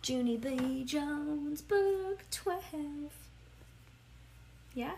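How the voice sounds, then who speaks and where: A woman reading a children's book aloud to a child, expressive and playful, chatting between passages. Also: sits high, very slow, loud music behind the voice.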